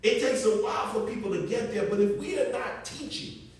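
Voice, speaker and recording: A man's voice: high voice, a little fast, slight background noise. A male preacher delivering a sermon in an emphatic, conversational way, talking straight to his congregation. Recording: echoey room, mic far off.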